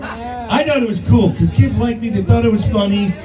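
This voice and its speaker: Man in his fifties, stand-up comedian, profane, self-mocking, higher voice, distant roomy club sound. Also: normal speed, warm tone, faint music behind, some chatter behind. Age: 50s.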